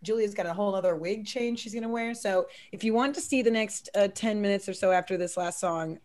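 A woman comedian hosting a casual live-stream interview, telling stories in a chatty, animated way with many fillers. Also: medium pitch, fairly quick. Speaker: comedian host.

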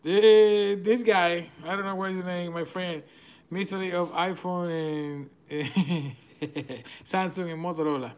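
A man with a Venezuelan Spanish accent, hosting a card break and rattling off names as he opens packs. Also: sits high. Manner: rapid-fire listing of cards, excitable, chuckling. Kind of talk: live card-opening commentary.

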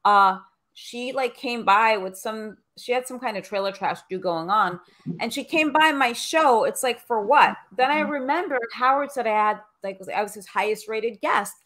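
A woman's voice: a little high, normal speed, fairly bright tone. Woman, guest, casual chat, blunt, profane, filler-heavy, video call. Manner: blunt, profane and dismissive, with lots of "like" and "um".

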